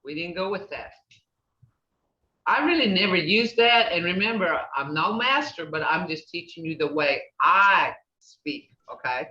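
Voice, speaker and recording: A woman's voice: lowish voice, animated, a little slow, pushed and bright. An older woman with an Oklahoma accent, a language teacher chatting through a class, laughing often and acting out sounds. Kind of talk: casual class talk. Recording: distant, dull, roomy sound.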